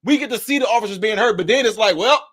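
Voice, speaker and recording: High-voiced man in heated rant. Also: quick pace, slight background noise. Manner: heated, preachy, rising to shouts. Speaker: political commentary vlogger. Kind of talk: ranting video commentary.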